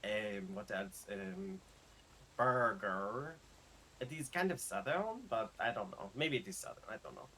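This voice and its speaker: A man's voice: on the low side, sing-song, unhurried, sharp tone, a little hiss or hum, heavily acted, low-quality recording. A man doing a chatty French lifeguard. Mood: friendly. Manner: chatty, rambling, laughs often, struggles with his R's. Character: easygoing young male French lifeguard and medic. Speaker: roleplay streamer. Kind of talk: casual in-character roleplay chat.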